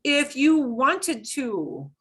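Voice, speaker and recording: A middle-aged woman teaching a beginner Spanish class, modeling phrases slowly and clearly while explaining in English. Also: sits high, big pitch swings, fairly bright tone. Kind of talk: beginner language lesson.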